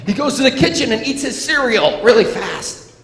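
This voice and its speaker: Very high-voiced and animated at a normal speed, this motivational speaker gives a playful school assembly talk, acting out small scenes for the kids. The setting is a school gym or auditorium, with an echoey hall and faint crowd noise.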